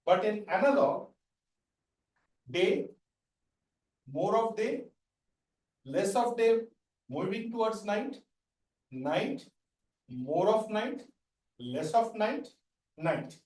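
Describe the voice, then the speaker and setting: A high-voiced man lectures an NLP class, walking through ideas step by step and asking "right?" after each point. He sounds set back from the mic in a reverberant room. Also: sing-song, extremely slow, long pauses, a little mellow. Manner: explains step by step, asks "right?" often. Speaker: NLP trainer. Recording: echoey room, mic at a distance.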